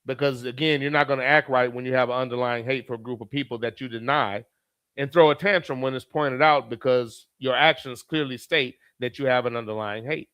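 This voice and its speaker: A man's voice: mid-range voice, steady tone, a little fast, a bit bright, smooth, no echo. A man who reads viewer comments aloud as a streamer and gives blunt, profane, heated commentary. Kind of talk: profane live commentary reading chat.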